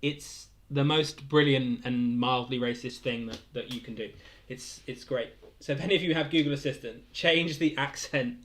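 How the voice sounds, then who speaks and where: A man's voice: mid-range voice, normal speed, a bit bright. Chuckling man hosting a stream quiz. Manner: rambling, chuckles often between questions. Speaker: quiz host. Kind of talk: casual livestream quiz hosting.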